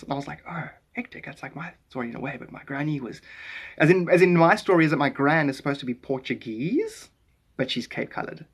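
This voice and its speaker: A South African man chatting casually on a live stream, rambling and animated as he jumps between ideas. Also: on the high side.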